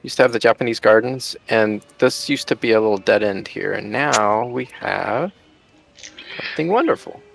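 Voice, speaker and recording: A man's voice: on the low side, moderate pace, gravelly, a bit bright, soft background music. A man hosting a casual chat while touring a game park, chatty and laughing often. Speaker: host.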